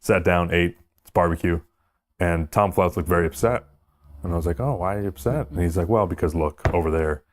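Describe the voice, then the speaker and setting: A man hosting a casual panel of makeup artists, telling stories in an animated way. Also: sits low, brisk, slight background noise. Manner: animated storyteller.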